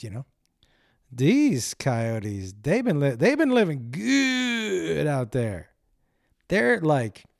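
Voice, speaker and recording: A man hosting his own show, telling a rambling, animated story with plenty of swearing and acted-out voices. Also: medium pitch, no room sound, studio quality. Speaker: comedian podcast host. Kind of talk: casual rambling monologue.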